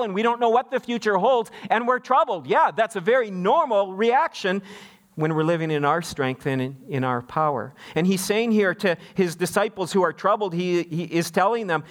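A man from Canada preaching a sermon as a pastor, conversational, with frequent restarts and repeated words. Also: high-pitched. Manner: mimics others in a raised voice when quoting.

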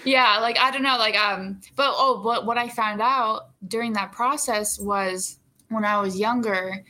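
A young actress chatting in an interview, animated and full of fillers and laughs. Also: female voice, on the high side, measured pace, poor audio. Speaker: actress guest. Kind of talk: casual interview chat.

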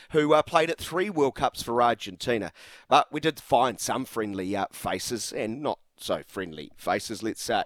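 A man's voice: medium pitch, a bit bright, no echo, clean studio sound. A man hosting a sports radio show in a chatty, upbeat way with many fillers.

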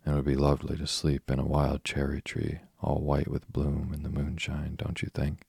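A man's voice: rumbling low, completely flat delivery, moderate pace, vocal fry, darkish tone, breathy edge, dry recording, studio quality, full character voice. A man reading as an eager chatterbox orphan girl. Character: chatty imaginative orphan girl, about eleven.

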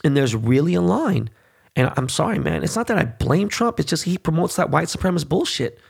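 A man's voice: a little high, very animated, a little fast, gravelly, slightly rough. A man hosting a podcast, talking bluntly and profanely in a heated, casual monologue. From United States. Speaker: podcast host.

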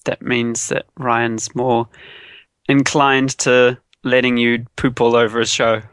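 A man's voice: medium pitch, little pitch movement, takes it slowly, a bit bright, clear, resonant tone, dry recording. A man, a podcast guest who talks hesitantly with many fillers. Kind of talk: casual podcast chat.

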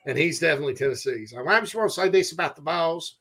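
A man's voice: a little high, animated, fast, a bit bright. Chatty southern sports podcast host, a man. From southern United States. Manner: chatty, folksy, laughs easily. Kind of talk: casual sports talk.

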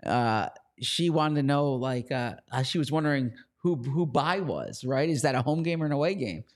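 A man's voice: mid-range voice, animated, normal speed. A man co-hosting a casual sports talk show, chatty and rambling, often restarting his sentences. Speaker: co-host and team reporter.

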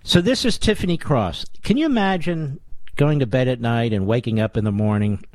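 A man's voice: medium pitch, lively intonation, normal speed, no room sound. A middle-aged man hosting a talk radio show, delivering a combative, sarcastic monologue full of rhetorical questions.

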